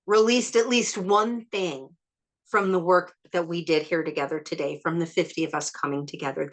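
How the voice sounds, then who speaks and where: Soft-spoken woman leading a healing session. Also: sits low. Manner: soft, prayerful, slow invocations with warm laughter; counts slowly through numbers. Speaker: spiritual healing session leader. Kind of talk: guided group healing session.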